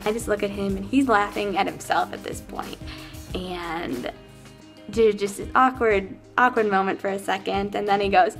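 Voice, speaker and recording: A woman telling an awkward personal anecdote with dry, deadpan humor. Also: medium pitch, moderate pace, faint music behind. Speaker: storyteller.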